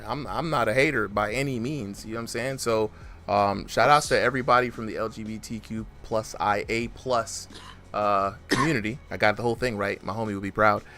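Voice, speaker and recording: A man hosting a casual stream interview, talking in an energetic, slangy way. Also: fairly low pitch, fairly quick, slight background noise. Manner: energetic, slangy, says "bro" a lot. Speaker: host.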